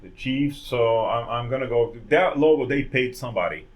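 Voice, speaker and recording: A man's voice: medium pitch, animated, normal speed. A man whose first language is Portuguese, hosting a casual podcast chat, asking questions and laughing often.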